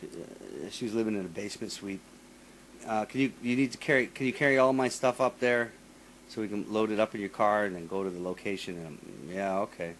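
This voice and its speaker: Telling a long, profane story on his podcast, a man keeps restarting, repeating himself and imitating the people in it during a casual, animated chat. His voice is fairly low and a little fast. Slight background noise can be heard.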